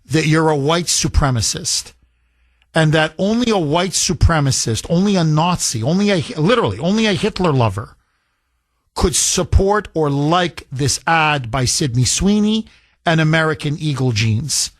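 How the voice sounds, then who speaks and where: A man hosting a talk radio show, emphatic and excitable, laughing often. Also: a little high, normal speed, no echo, studio quality.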